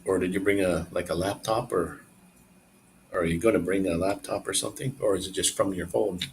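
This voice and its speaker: A man's voice: low voice, fairly quick, gravelly, a little hiss or hum, rough recording. A man live streaming, chatting casually and rambling to his viewers. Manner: rambling, relaxed, talks to viewers.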